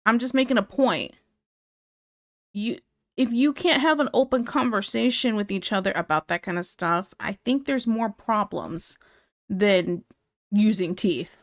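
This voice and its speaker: A woman's voice: medium pitch, measured pace, no echo, clean studio sound. A woman live streamer chatting casually with her viewers, blunt and candid, laughing often. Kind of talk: casual chat reacting to viewer comments.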